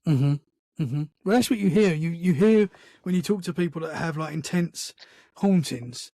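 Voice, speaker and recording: A man, a podcast guest, telling a story in casual conversation, animated and full of restarts. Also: on the high side, moderate pace, no room sound. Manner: animated storyteller, acts out sounds and quotes; many restarts and "man" fillers.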